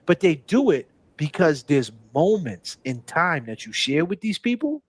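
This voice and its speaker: A man's voice: medium pitch, no echo. A man hosting a livestream in casual talk. He is emphatic and profane, preaching and repeating his phrases for force. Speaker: livestream host.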